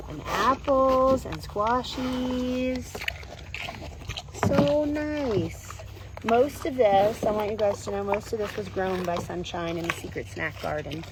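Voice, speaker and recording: A woman's voice: medium pitch, background noise. Cooing woman outdoors at an animal refuge. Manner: cooing baby talk to animals. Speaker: animal refuge caretaker and host. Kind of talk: casual vlog walkthrough.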